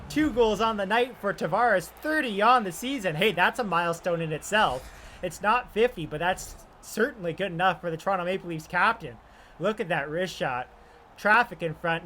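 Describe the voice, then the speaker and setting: A young man doing casual play-by-play commentary while playing a hockey video game, swinging from calm asides to loud excited calls on scoring chances. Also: on the high side, a little hiss or hum.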